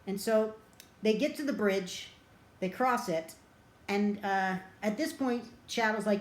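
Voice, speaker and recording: A woman's voice: mid-range voice, slow. A woman casually retelling a movie plot as a reviewer, rambling and chatty with plenty of filler words. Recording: roomy echo.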